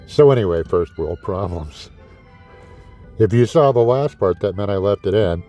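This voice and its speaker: A man's voice: fairly low pitch, lively intonation, unhurried, long pauses, dark tone, soft background music. A man hosting a diecast car vlog in a casual, exasperated ranting way, swearing often and sarcastically calling his viewers kids. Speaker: diecast collector host.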